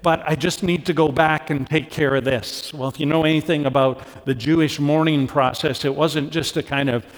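A middle-aged man from Canada delivering a sermon from the pulpit, his voice sitting a little high for a man. He preaches earnestly, pushing up in pitch on the points he stresses and falling quiet and close when he speaks of his own life. His words ring out under a long hall reverb. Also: fairly even intonation, normal speed, hardly any pauses. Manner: earnest, rises in pitch for emphasis, drops soft when personal. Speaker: pastor.

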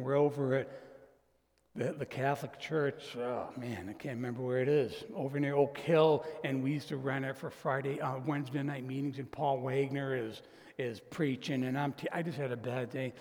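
Gravelly pastor preaching in a hall. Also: male voice, mid-range voice, steady tone, normal speed, darkish tone. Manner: conversational, emphatic, with asides and quoted dialogue. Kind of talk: sermon.

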